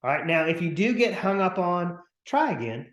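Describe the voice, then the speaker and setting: A man coaching real estate agents on a video call, talking in an energetic, chatty way and acting out upbeat phone calls. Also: high-pitched, moderate pace, roomy sound. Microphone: computer mic on a video call.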